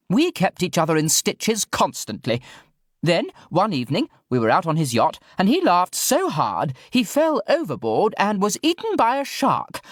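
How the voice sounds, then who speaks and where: A man doing Judy, booming posh older woman. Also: fairly bright tone, dry recording, studio quality, exaggerated voice. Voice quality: plummy upper-class delivery. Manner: booming, theatrical, gleefully outrageous. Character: loud posh older woman, flamboyant, irreverent wedding officiant. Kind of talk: audiobook character voice.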